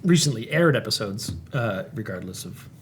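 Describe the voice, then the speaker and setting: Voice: mid-range voice, expressive, moderate pace. A co-host doing show housekeeping in a casual, rambling way, with many fillers and restarts. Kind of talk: casual chat.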